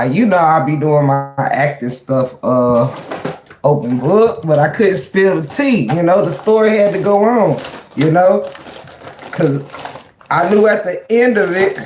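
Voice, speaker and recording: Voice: medium pitch, expressive, a little slow, a little mellow, reverberant, slight background noise. A livestream host chatting casually with viewers, laughing often, turning preachy and motivational, and greeting chat members by name. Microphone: webcam or phone mic.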